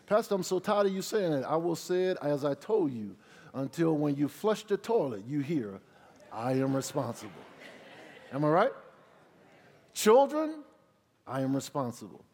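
A man preaching a sermon as pastor, calling out questions to the congregation, dropping low for asides and rising loud on key words. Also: lively intonation, normal speed, in a large hall. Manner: drops low for asides, rises loud on emphasis.

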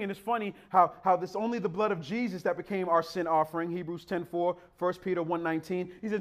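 A man preaching a sermon in a rhythmic, repetitive cadence, building to near-shouts. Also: high voice, steady tone, fast talker, hardly any pauses.

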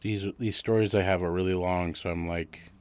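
A man's voice: sits low, fairly even intonation, moderate pace, darkish tone, clean tone, dry recording. A man telling long shaggy-dog pun stories in casual chat, rambling and restarting often. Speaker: joke teller.

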